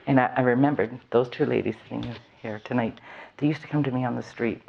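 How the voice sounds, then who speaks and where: A woman's voice: a bass voice, quick pace, vocal fry, breathy edge, highs cut off. A woman frankly telling her recovery story to a live audience, with a wry, self-mocking humor. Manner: candid, wry, laughs often at herself. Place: event hall with an audience.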